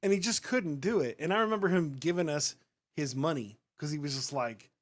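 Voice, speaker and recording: A man with a slightly high voice hosts a casual podcast chat, talking in a loose, rambling way. He circles through his stories, restarting sentences and filling gaps as he goes. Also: brisk. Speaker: podcast host and rapper.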